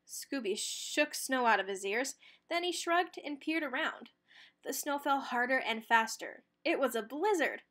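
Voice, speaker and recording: A woman's voice: a little high, measured pace. Woman reading a children's book aloud. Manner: expressive storytelling. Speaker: read-aloud narrator.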